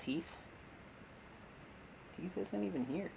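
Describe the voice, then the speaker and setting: A man's voice: medium pitch, expressive, measured pace, a little hiss or hum. A man hosting a casual livestream from his hobby room, rambling and joking while he fixes his camera and talks to his dog. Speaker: livestream host.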